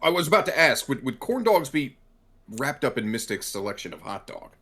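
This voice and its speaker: A man's voice: medium pitch, sing-song, brisk, fairly bright tone, slightly rough. A man co-hosting a casual podcast, playful, building up his jokes with mock drama. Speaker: podcast co-host. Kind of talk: casual chat.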